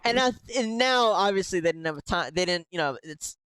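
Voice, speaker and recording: Lively, profane Floridian co-host. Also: male voice, high-pitched, a little fast, clear, resonant tone, dry recording. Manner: loose, profane, joking. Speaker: podcast co-host. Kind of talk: casual banter.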